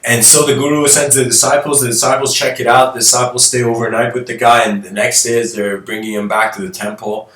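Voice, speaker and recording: A man's voice: medium pitch, level tone, a little fast, few pauses, a bit bright, slight background noise. A man giving a casual spiritual lecture, telling a story in a loose, conversational way with frequent asides. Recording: roomy, distant mic.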